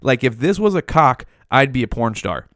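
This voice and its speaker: Man in his 40s, podcast host, heated foul-mouthed rant, mid pitch, dead dry close mic. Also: very animated, moderate pace, a bit bright, no echo. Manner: profane, heated ranting. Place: small hot home room. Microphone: mouth right up against the mic.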